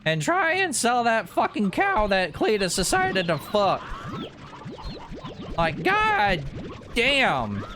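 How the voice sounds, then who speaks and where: A man voicing a rowdy, foul-mouthed country rancher, hollering in a high, swearing voice. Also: huge pitch swings, takes it slowly, long pauses, music in the background, exaggerated voice.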